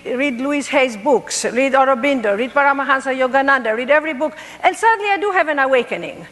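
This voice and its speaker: A woman's voice: fairly high pitch, long reverb tail. Greek-accented woman telling her story. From Greece. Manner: animated, playful, laughs at herself. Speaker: motivational speaker. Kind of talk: storytelling talk to an audience.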